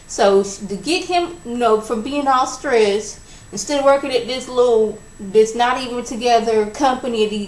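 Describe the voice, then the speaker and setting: Chatty woman recapping in an echoey room. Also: a little high. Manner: animated, acts out characters' lines. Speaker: TV episode reviewer. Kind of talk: casual recap and commentary. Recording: echoey room with faint background noise.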